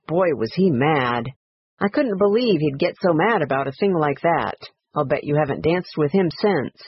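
A man's voice: fairly high pitch, animated, normal speed, husky, no room sound. A man voicing a chatty older brother who talks in a blunt, teasing way, in a dry, slightly dull recording.

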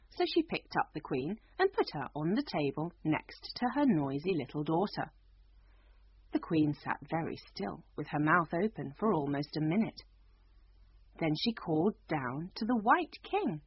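A woman narrating a storybook aloud in an expressive, sing-song reading voice. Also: low-pitched, breathy edge, no echo. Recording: dull lo-fi recording.

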